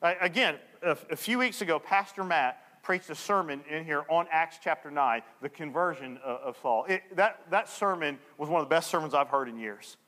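A male pastor preaching a sermon, telling a story and acting out the people in it with lively energy. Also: a little high, moderate pace, few pauses, long reverb tail. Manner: animated storyteller acting out dialogue.

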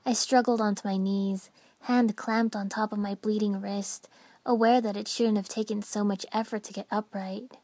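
A woman narrating a first-person story with dramatic expression, dropping to hushed whispers at tense moments. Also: medium pitch, steady tone, moderate pace, no echo. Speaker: audiobook narrator.

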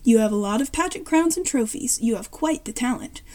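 A polite, easily impressed new-kid boy from a read-aloud story, voiced by a woman. He speaks high and friendly, with a mellow, darker tone. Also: animated, brisk, close to an everyday voice.

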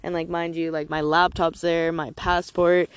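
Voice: medium pitch, little pitch movement, normal speed, a little hiss or hum. A young adult podcast host from Canada telling a personal story in a casual, rambling way, with lots of "like" and frequent swearing.

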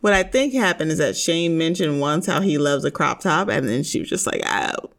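A woman's voice: sits low, lively intonation, fairly quick. A woman hosting a podcast, chatting casually about a TV show with sassy, opinionated asides. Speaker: podcast host. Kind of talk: casual TV recap chat.

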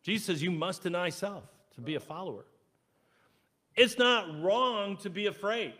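A male pastor preaching a sermon in a church. He is animated, acting out quoted voices and swinging from loud bursts down to quiet asides. His voice sits a little higher than most men's. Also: normal speed. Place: church sanctuary.

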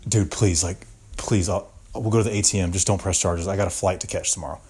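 A desperate man in handcuffs pleads in a low, hushed rush, as a storyteller puts him on. His voice stays close to everyday speech, softer than the narration and pressed with worry. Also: fairly even intonation, fast talker, breathy edge. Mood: pleading.

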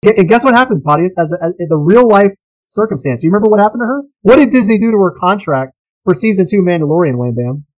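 A man co-hosting a casual podcast, talking animatedly and posing rhetorical questions with sudden jumps in pitch. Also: animated, fast talker, a little mellow, poor audio. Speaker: podcast co-host.

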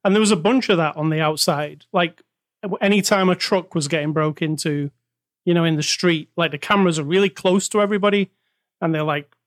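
Chatty man, slightly high voice, dry close mic, co-host reviewing films. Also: no echo. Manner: chatty, quick opinions, lively asides. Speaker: podcast co-host. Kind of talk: casual movie review chat.

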